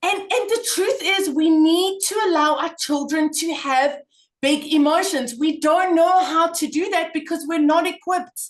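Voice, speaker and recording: A woman's voice: very high voice, a little slow. A middle-aged woman speaking in a conversational interview, telling stories with emphatic repetition. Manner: emphatic, animated storytelling with repetition. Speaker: parenting guest speaker.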